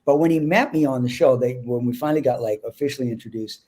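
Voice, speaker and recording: A male actor being interviewed, telling lively backstage anecdotes in a casual way and acting out other people's lines as he goes. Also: medium pitch, fast. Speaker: guest actor.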